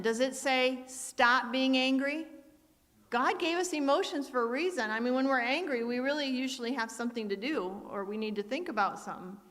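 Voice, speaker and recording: A woman's voice: high voice, fairly bright tone. A middle-aged woman giving a sermon, telling family stories and reading Bible verses aloud. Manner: storytelling, acts out family voices, reads verses aloud. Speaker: speaker at church. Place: church sanctuary. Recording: church hall reverb.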